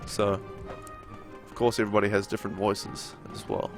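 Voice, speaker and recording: A man's voice: lowish voice, level tone, moderate pace. Young guy streaming a game, nasal and a bit sore-throated, just rambling at chat, music going behind him. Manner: rambling, chatty, answers viewer chat. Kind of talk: casual chat during a live game stream.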